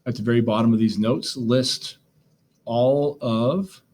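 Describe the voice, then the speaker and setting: A man walks through government notes in a recorded class lecture, speaking a little slowly in a medium-pitched, darkish voice with fairly even intonation. His style is conversational, full of fillers and asides.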